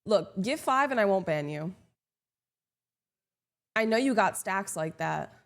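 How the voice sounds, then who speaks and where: Deadpan sarcastic young woman streamer. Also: medium pitch, a little slow. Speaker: live streamer. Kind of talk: casual live-stream chat with viewers.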